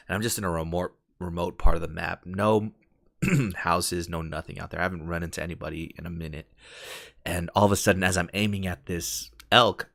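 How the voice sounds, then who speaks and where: A man's voice: low voice, creaky, fairly bright tone, dry recording, studio quality. A man hosting a casual gaming podcast, laid-back and slangy, telling game stories. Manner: laid-back, slangy, says "dude" a lot. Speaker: podcast host. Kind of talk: casual chat.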